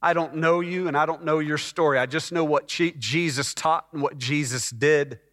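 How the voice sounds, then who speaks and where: In a slightly high voice with a steady tone and normal speed, a man shares his personal story as a sermon. His quiet moments build toward loud, emphatic climaxes, all echoing with long hall reverb.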